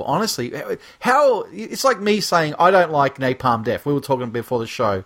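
A man's voice: on the high side, expressive, moderate pace, fairly bright tone. A man co-hosting a podcast in casual chat, ranting with sarcasm and plenty of swearing. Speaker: podcast co-host.

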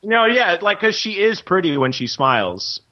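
An animated man in a casual political chat who keeps mocking politicians. His pitch swings widely and sits a bit high. His tone is bright and forward. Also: normal speed, muffled recording.

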